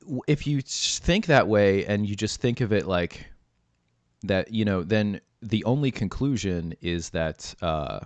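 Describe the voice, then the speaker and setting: Low-voiced male host, loose and chatty, filler-heavy, laughs easily. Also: animated, unhurried, no echo. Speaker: podcast host. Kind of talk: casual podcast chat.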